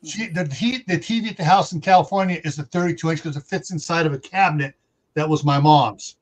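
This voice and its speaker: High-voiced chatty male host. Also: quick pace. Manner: chatty, laughs often, reads out viewer comments. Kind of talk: casual livestream chat.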